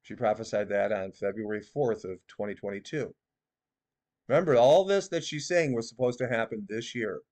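A man's voice: medium pitch, moderate pace, a little mellow. A man giving casual critical commentary on a video, reading out claims and adding sarcastic, mocking asides.

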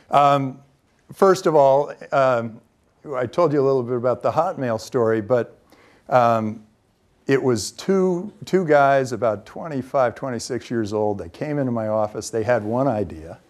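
A man who is a venture capitalist, telling lively anecdotes in a talk to students, with frequent ums and restarts. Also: medium pitch, normal speed. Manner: lively storyteller who acts out quoted dialogue.

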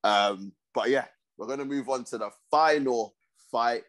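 A man hosting a casual sports podcast, talking in a steady, measured way. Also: mid-range voice. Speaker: podcast host.

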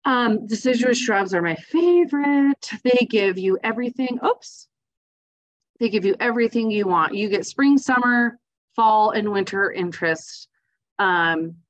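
A woman giving a casual, enthusiastic slideshow talk as a landscape design presenter, chatty with lots of fillers. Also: medium pitch. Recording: dull lo-fi sound.

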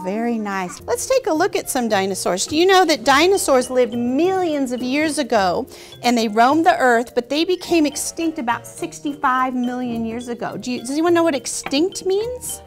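A woman's voice: sits high, sing-song, normal speed, soft background music. A young woman hosting a children's show, teaching young kids in a patient, encouraging way and asking them questions.

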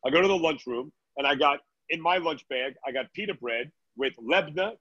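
A man's voice: on the high side, normal speed, fairly bright tone, slightly rough, dry recording, muffled recording. A man, a guest chef from Brooklyn, chatting casually on a video call from his restaurant, telling stories with many "uh"s and "right?"s. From Brooklyn, New York.

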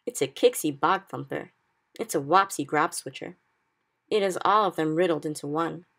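A woman's voice: sits low, moderate pace, a bit bright. Woman reading as a kindly giant with jumbled grammar. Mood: gentle. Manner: mangled grammar and made-up words. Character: big friendly male giant, kindly, odd grammar.

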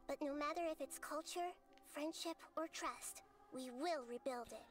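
A woman voicing a small, wise, girlish goddess in a game, speaking softly and in a measured, earnest way. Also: sits high, lightly acted. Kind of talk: game voice acting.

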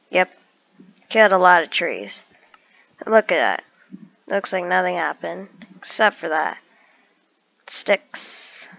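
In a dull lo-fi recording with no room sound, a gamer narrates her own play of a survival game, talking herself through each move. Her voice is lowish and fairly bright, with vocal fry, and her commentary is casual.

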